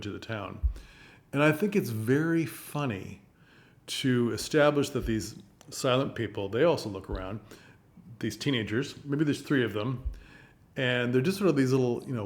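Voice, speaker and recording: In a casual spoken review, a male theater reviewer talks through his thoughts on a play without a script, his pitch an ordinary middle range. He rambles, thinks out loud, returns to earlier points, and tosses in animated asides.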